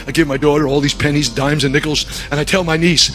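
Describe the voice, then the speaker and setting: A middle-aged man preaching a sermon through a long personal story, animated, dropping low and then shouting. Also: quick pace, hardly any pauses, faint music behind. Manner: animated, shifts from hushed to shouting.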